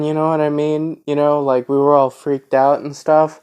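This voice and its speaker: Guy in his 20s rambling thru a story, lotsa fillers, smooth voice. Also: fairly high pitch, level tone, moderate pace, darkish tone. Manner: rambling, full of fillers and restarts. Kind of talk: casual spoken storytelling.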